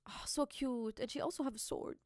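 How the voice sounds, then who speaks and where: A woman's voice: high voice, a little fast, a little mellow, no echo, studio quality. A young woman hosting a live reaction stream, chatty and giggly, reading dialogue aloud.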